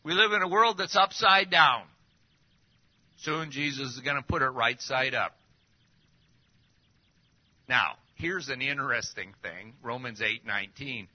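A man preaching a sermon, full of rhetorical questions and swinging between loud and hushed. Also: mid-range voice, measured pace, long pauses. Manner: lively, rhetorical questions, drops to near-whispers. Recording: dull lo-fi recording.

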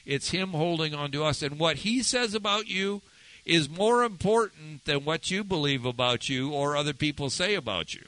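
A man's voice: lively intonation, moderate pace, bright, forceful tone, dry recording, rough recording. A man preaching a sermon in a conversational way, often asking his listeners questions. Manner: conversational, asks listeners questions, swings pitch for emphasis. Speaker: pastor.

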